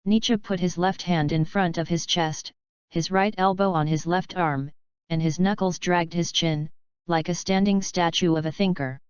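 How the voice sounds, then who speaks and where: A woman narrating a fanfiction audiobook in a steady, even reading. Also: fairly low pitch, moderate pace, clear, resonant tone, dry recording. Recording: dull lo-fi dry recording.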